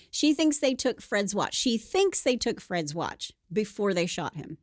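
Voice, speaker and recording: A woman with a fairly high, lively voice tells a true crime story in a relaxed podcast chat. She slips into playful voices for the people she quotes. The sound is dry and close. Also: normal speed, hardly any pauses, no echo.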